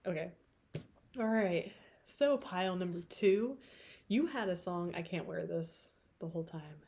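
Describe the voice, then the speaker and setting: A woman's voice: fairly low pitch, measured pace, warm tone. A woman with a tired throat giving a casual tarot reading to camera, chatty and rambling with frequent laughter. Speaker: tarot reader.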